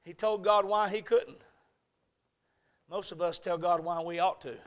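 A man preaching a sermon with passion, in rhythmic, repeated phrases that move from hushed to shouting. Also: high-pitched, steady tone, a little slow. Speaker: pastor.

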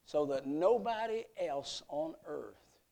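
A male preacher giving a sermon at a youth meeting, telling a story with emphatic swells and soft drops. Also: on the high side, lively intonation, slow pace, creaky. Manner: emphatic storytelling that rises and falls.

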